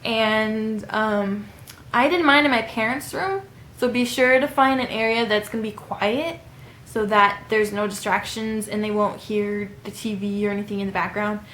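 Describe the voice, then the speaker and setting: A woman's voice: mid-range voice, normal speed, a bit bright, a little hiss or hum. A woman in her twenties giving casual advice in a vlog, chatty and rambling with frequent ums. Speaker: vlogger. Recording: echoey room.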